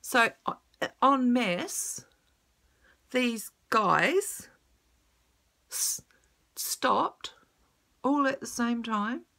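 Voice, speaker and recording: A woman's voice: a little high, expressive, extremely slow, gravelly, long pauses, sharp tone. A woman telling a personal story on camera, emotional and blunt, swearing freely.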